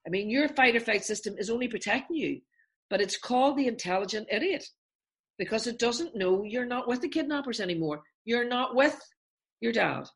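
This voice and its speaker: A woman therapist, a guest on a podcast, explaining a calming technique step by step and acting out everyday examples in different voices. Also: a little high, brisk. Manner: animated, acts out examples in voices.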